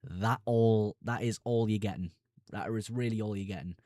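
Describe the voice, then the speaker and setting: Mackem-accented man, low dry voice. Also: dark tone, dry recording. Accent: Sunderland (Mackem). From Sunderland, North East England. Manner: casual, chummy, reads a question aloud then answers briskly. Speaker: fantasy football streamer host. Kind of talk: live stream Q&A, reading chat questions.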